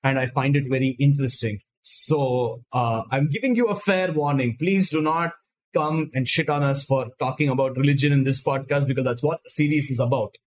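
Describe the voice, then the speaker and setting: A man's voice: medium pitch, a little fast, poor audio. Talkative man explaining at length. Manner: explains plot at length with fillers and restarts. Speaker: podcast host. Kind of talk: casual anime podcast chat.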